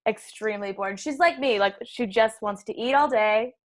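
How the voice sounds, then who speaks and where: Woman, podcast guest, chatty, enthusiastic, fairly high-pitched. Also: moderate pace. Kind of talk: casual podcast chat.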